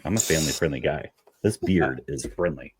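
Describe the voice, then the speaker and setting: A man's voice: rumbling low, fairly quick, background noise. A man co-hosting a casual podcast, talking in a motivational way with punchy repetition. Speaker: podcast co-host.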